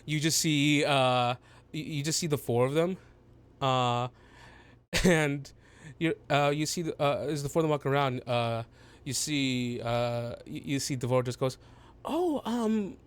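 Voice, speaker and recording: A man narrating as game master, halting with many fillers and restarts. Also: medium pitch, steady tone, smooth.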